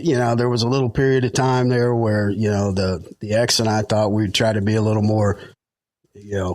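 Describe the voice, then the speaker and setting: A man's voice: lowish voice, dry recording. Middle-aged man telling rambling stories. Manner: rambling, chuckling, fillers. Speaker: podcast guest. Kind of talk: casual storytelling.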